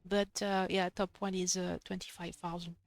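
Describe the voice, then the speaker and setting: A young woman streaming a video game live, chatting excitedly to herself while she plays. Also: on the low side, moderate pace, creaky, dry recording. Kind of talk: live gameplay commentary.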